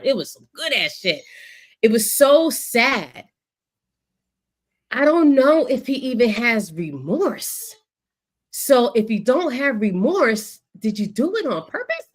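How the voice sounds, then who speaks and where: A woman co-hosting a sports podcast in casual chat, animated and profane, acting out what players said. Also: a little high, slow, breathy edge. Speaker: podcast co-host.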